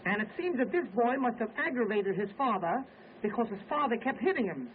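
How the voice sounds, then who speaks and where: Brief: male vaudeville comic, high voice, snappy joke patter, tinny 1920s record over an orchestra. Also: animated, slight background noise. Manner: wisecracking, brisk joke-telling patter. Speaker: comedian and singer. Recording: tinny early acoustic record with band. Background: orchestra music.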